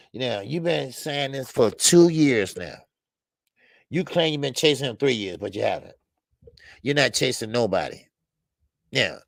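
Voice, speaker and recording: A man's voice: medium pitch, creaky, no room sound, studio quality. A man hosting a casual boxing livestream, chatting animatedly, laughing a lot and greeting his chat in profane slang. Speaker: boxing show host.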